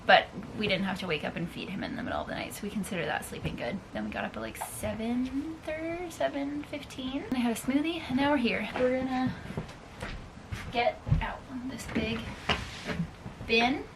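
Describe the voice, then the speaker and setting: A young woman talks through her day in a relaxed, chatty vlog, leaning on "like" as she goes. She's recorded at home on the camera's own mic. There's a clear hum of background noise behind her. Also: medium pitch, rough recording. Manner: chatty, lots of "like" fillers. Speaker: vlogger. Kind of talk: casual vlog chat.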